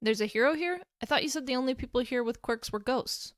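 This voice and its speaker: A woman's voice: high voice, lively intonation, quick pace, no room sound, clean studio sound, pitched above the performer's own voice. A woman voicing a timid shy teen girl. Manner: shy and soft-spoken. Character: timid, demure teenage girl.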